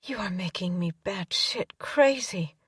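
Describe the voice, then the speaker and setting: A woman narrator voicing a passionate young woman, speaking softly and breathlessly. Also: mid-range voice, lively intonation, a little slow, breathy edge, no room sound, clean studio sound, far from the mic, full character voice. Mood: intimate.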